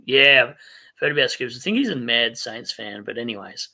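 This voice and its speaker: An Australian man with a very bright, tense voice, hosting a loose late-night livestream. He reads out viewer comments and rambles cheerfully, quick to laugh at his own slips. His pitch sits in an everyday middle range. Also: expressive, gravelly. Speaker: fantasy football stream host.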